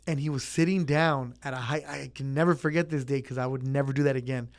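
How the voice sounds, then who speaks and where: A man's voice: mid-range voice, fairly even intonation, fast talker, few pauses. A young man in the service trade, talking casually in an interview and acting out chats with customers. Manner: easygoing, acts out customer chats. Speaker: pizza place worker.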